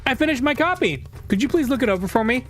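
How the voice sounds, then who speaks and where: A man voicing a cheerful, eager young woman reporter in a game read-through, talking high and bubbly. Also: lively intonation, quick pace, a bit bright, faint music behind.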